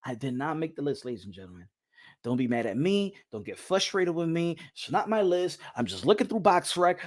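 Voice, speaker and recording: A man's voice: on the high side, fairly quick. A man talking boxing casually, repeating himself and teasing his viewers. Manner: animated, repetitive, hypes and teases viewers. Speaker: boxing commentator.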